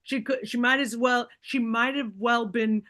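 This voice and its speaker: A woman's voice: fairly high pitch, unhurried. A woman guest on a podcast telling personal stories in a casual way, acting out what people said and leaning on "like" and "right?". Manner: animated, acts out quoted dialogue; fillers like "like" and "right?".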